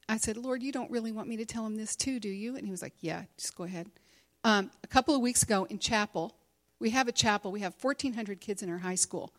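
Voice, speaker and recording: A middle-aged woman speaking candidly to a women's gathering, sharing a personal testimony in a conversational way with many fillers. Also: medium pitch. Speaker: conference speaker and teacher.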